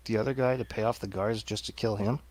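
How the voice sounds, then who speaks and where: A man's voice: lowish voice, steady tone, quick pace, a little mellow, no echo. Wry man tossing sarcastic asides, dry sound. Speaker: radio show co-host. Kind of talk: casual chat reviewing a film.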